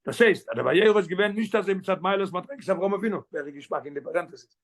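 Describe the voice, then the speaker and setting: A man, a rabbi, teaching a Torah class, explaining the text quickly and switching languages mid-sentence. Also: high-pitched, animated. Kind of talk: Torah class, mixing English and Yiddish.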